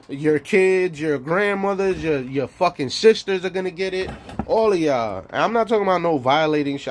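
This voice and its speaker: A man streams a rambling monologue, profane and boastful. He laughs often between his lines. His voice sits a little high for a man. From New York.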